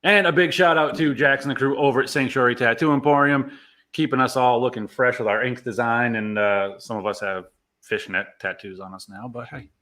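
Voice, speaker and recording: A man co-hosting a loose, casual chat show, full of swearing and open excitement. His voice is bright and forceful, and he sometimes stumbles as he rushes ahead. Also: medium pitch. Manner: excited, swears a lot, stumbles over words. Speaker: podcast co-host.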